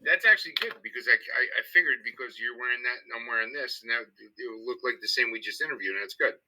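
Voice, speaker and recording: A man co-hosting a casual sports talk show, chiming in with quick agreeable remarks. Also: medium pitch, lively intonation, pushed and bright, poor audio.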